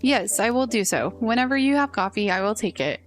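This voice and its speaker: Woman reading stiff formal game businessman, flat, overly proper, high-ish voice. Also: fairly quick, soft background music, lightly acted. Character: stiff formal businessman customer who insists on coffee.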